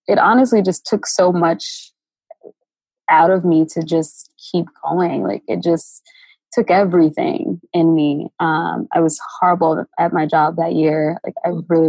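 Creaky, husky woman sharing her story. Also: fairly low pitch, a little mellow, no echo, low-quality recording. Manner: halting, many fillers and restarts, emotional. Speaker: interview guest. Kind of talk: candid personal storytelling.

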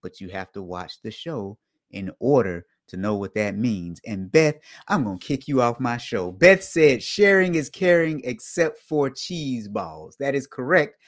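A man talking casually to his online audience as host, with a dry sense of humor. He repeats his key points and keeps his voice lively, often leaping up in pitch and loudness to stress a word, then dropping back down. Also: moderate pace. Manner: animated, jumps up in pitch and volume for emphasis. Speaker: host of an online show for auditors. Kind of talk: casual live-stream talk.

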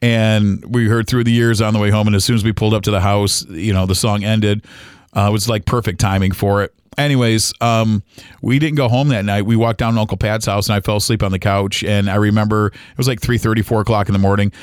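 Podcast host, middle-aged, from Ohio, personal story told haltingly, dry close sound. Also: male voice, fairly low pitch, steady tone, clean tone, no echo. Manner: halting, emotional retelling with many restarts.

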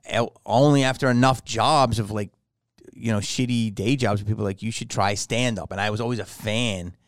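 A man's voice: fairly low pitch, fairly even intonation, moderate pace, no echo, clean studio sound. A man from Philadelphia, a comedian, telling profane stories in a casual podcast chat. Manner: profane, storytelling. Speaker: comedian guest.

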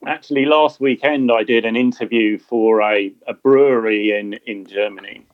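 A man's voice: lowish voice, moderate pace, no echo, narrow, tinny audio. An English man from England, a guest in a casual chat, speaking hesitantly and self-deprecatingly with many restarts.

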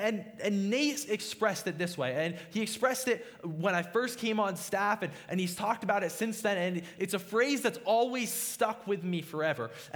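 A man's voice: high-pitched, a bit bright. A young man preaching a sermon as a pastor, earnest and confessional, often restarting his sentences.

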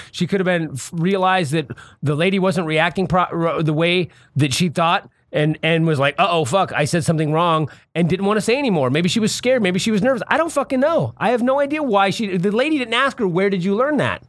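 High-voiced swearing man in heated chat. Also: brisk, dry recording. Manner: profane, animated, stammering restarts. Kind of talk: casual debate chat.

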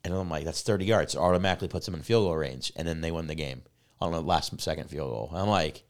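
A man co-hosting a casual podcast, telling a rambling, excitable story full of swearing and filler words. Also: extremely low pitch, quick pace. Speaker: podcast co-host. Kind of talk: casual chat.

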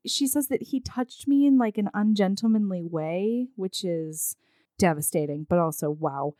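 A woman recapping a film in casual chat, acting out the characters' lines in an animated way. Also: mid-range voice, measured pace, no room sound, studio quality. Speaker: podcast co-host recapping a film. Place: her living room.

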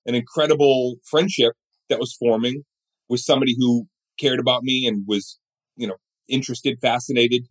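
Man, middle-aged, interview guest, animated storyteller, acts out voices. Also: medium pitch.

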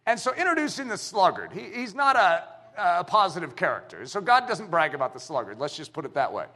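Animated, bright-voiced preacher man. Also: sits high, brisk. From United States. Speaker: pastor. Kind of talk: sermon. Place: church.

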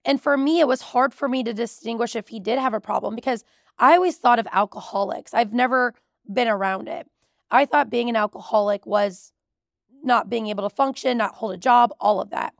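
A woman's voice: on the high side, brisk, creaky, no echo, studio quality. A woman in her thirties, a podcast host, telling a personal story in a candid, emotional way. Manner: candid, emotional, tearful at times.

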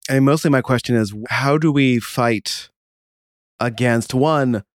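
A man's voice: medium pitch, slow, dry recording, studio quality. A man co-hosting a podcast, asking long, rambling questions and then correcting himself. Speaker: podcast co-host. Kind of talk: casual chat.

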